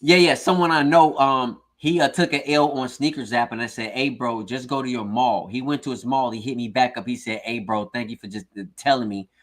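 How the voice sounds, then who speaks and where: A man in easygoing livestream chat, at a middle pitch. His talk is relaxed, full of restarts and repeated phrases, with "bro" tossed in often. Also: a little fast, hardly any pauses. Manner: laid-back, repeats himself, says "bro" often. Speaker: co-host of a sneaker livestream. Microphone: streaming setup.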